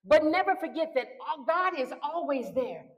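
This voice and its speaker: A middle-aged woman pastor preaching a sermon, building to shouted declarations and prayers. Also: sits high, sing-song, moderate pace, muffled recording.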